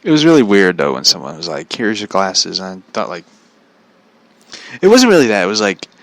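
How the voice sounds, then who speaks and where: A man hosting a podcast in a casual chat, rambling and halting, with many "like" fillers and chuckles. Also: low-pitched, huge pitch swings, no room sound. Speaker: podcast host.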